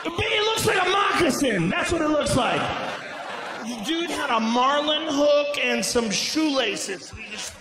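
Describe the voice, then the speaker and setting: A middle-aged man doing a stand-up comedy set, telling a story loudly and profanely with shouted bursts. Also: very high-pitched, animated, measured pace, heavy background noise. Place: comedy venue on stage. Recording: echoey live venue with ambience.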